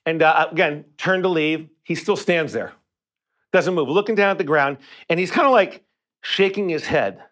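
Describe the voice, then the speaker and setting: Pastor guy telling a story in church, kinda high voice, chatty, stumbles and repeats words. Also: normal speed. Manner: conversational, repeats words, drops to a hushed voice for tender moments. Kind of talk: sermon storytelling. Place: church sanctuary.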